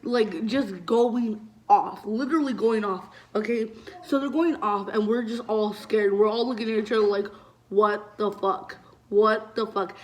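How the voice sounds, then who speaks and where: A young adult woman vlogger telling a casual story, chatty and full of fillers, swearing freely. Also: medium pitch. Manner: chatty, heavy use of "like" and swearing; animated retelling, voices loud when acting out scenes.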